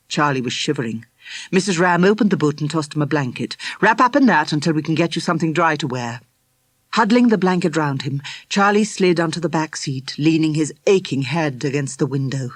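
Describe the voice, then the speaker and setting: A male narrator reads a tense chapter with vivid, dramatic storytelling. His voice sits a bit high for a man, recorded close to the mic in a dry studio with no room sound. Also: no echo. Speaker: audiobook narrator. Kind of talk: scripted narration.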